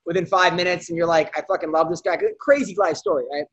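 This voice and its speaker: A man hosting a podcast, telling an animated story and putting on quick voices for the people in it. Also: on the high side, highs cut off. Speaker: podcast host, comedian. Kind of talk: casual storytelling chat.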